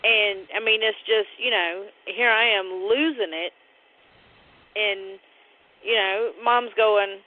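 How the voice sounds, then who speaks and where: A man's voice: high voice, fairly even intonation, slow. A man, talking over the phone about grief, his voice breaking at times. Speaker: caller. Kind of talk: emotional phone conversation. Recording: tinny phone line.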